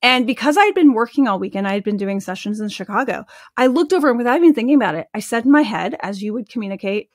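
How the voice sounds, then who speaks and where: A woman in her thirties, an animal communicator and medium, telling stories in a casual, animated way as an interview guest, full of "like" fillers. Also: a little high, fast, no echo, clean studio sound. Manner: chatty and animated, with frequent "like" fillers.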